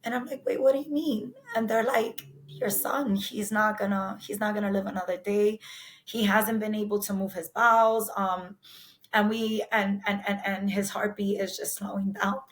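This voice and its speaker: A woman guest recounting a painful personal story in a halting, somber way, often pausing on filler words. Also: mid-range voice, fairly even intonation. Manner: somber, emotional retelling. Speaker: podcast guest.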